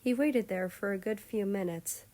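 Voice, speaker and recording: A woman reading a fan story aloud in calm, measured narration. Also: medium pitch. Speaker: story reader.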